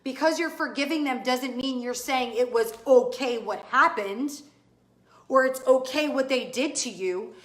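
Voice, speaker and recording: A woman podcast host and business coach giving a motivational talk, emphatic and fired up, cursing casually as she urges listeners on. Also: high voice. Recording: roomy, echoey room.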